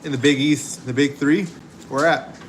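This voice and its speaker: A man's voice: on the high side, fairly even intonation, moderate pace, slight background noise. Easygoing man chatting on a livestream. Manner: easygoing, rambling, laughs easily. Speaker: livestream host. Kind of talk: casual livestream chat, reading viewer comments.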